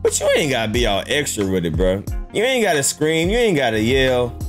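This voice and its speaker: A man's voice: medium pitch, big pitch swings, brisk, soft background music. A man hosting a YouTube reaction, talking casually and incredulously, firing off rhetorical questions.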